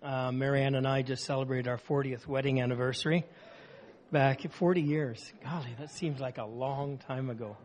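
An older man, a visiting preacher, opening his sermon in a relaxed, chatty way. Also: medium pitch, moderate pace, slight background noise.

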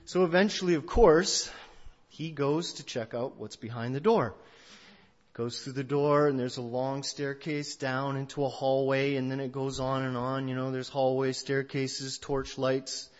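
A male pastor giving a sermon, telling a story in a conversational way that swings between loud and hushed. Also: medium pitch, fairly even intonation, unhurried. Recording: dull lo-fi recording.

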